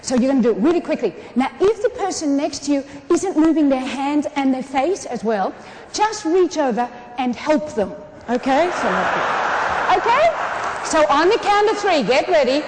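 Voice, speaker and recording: An Australian woman speaks from a conference stage in a high, very lively voice. She delivers a humorous motivational keynote and talks straight to the crowd. The sound is roomy and echoes like a large hall. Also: moderate pace. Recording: echoey conference hall, some room noise.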